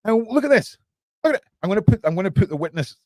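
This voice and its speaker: A young man hosts a casual livestream chat, swinging between excitement and mocking sarcasm. His voice sits a bit high and bounces through a wide, lively range. The sound is close and dry. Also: rapid-fire, dry recording. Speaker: podcast host.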